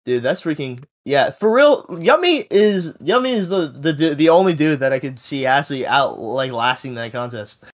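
A young man co-hosting a casual chat among friends, laughing constantly and getting excited as he talks. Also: mid-range voice, normal speed, hardly any pauses, dry recording, studio quality. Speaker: podcast co-host.

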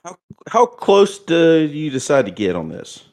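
A man acting as game master, narrating a tabletop horror game with halting, searching descriptions. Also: on the high side, very animated, a little mellow.

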